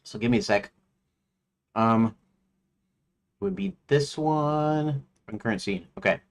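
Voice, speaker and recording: A man's voice: medium pitch, takes it slowly. A man streaming his game development, talking casually and thinking aloud as he works, rambling and talking to himself. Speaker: indie game developer livestreaming.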